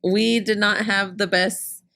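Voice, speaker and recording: A woman telling a story in casual podcast chat, blunt and animated, acting out what people said. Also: mid-range voice, slow pace, creaky. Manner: blunt, animated, laughing, acts out dialogue. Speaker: podcast guest.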